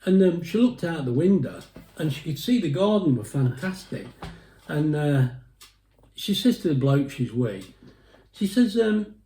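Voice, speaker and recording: A chatty man telling stories with a laugh, his pitch lively and a touch raised. His tone is mellow and warm, and the echoey room gives it a roomy ring. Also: measured pace. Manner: chatty, laughing, rambling storyteller. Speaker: vlogger. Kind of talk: casual chat and joke telling.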